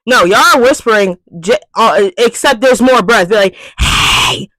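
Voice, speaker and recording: A young woman vlogger in an exasperated, swearing rant, breaking into loud outbursts. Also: on the high side, animated, normal speed, dry recording, poor audio. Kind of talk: ranting vlog monologue.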